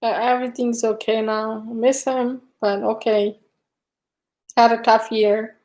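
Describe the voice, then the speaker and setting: A woman's voice: fairly high pitch, flat delivery, takes it slowly, darkish tone. A middle-aged woman hosting a casual live stream, chatting with viewers and telling stories with frequent laughter. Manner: chatty storyteller, laughs often.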